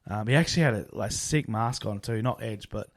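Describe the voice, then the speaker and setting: A young Australian man co-hosting a podcast, talking in a relaxed, chatty way about sport. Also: fairly low pitch, fairly quick. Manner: relaxed, chatty wrestling fan talk. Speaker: podcast co-host. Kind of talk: casual chat.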